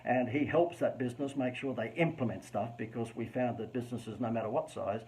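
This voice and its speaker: A man's voice: mid-range voice, fairly quick, darkish tone, low-quality recording. An Australian man hosting a casual live stream, coaching businesses on marketing in a chatty, joking, self-mocking way.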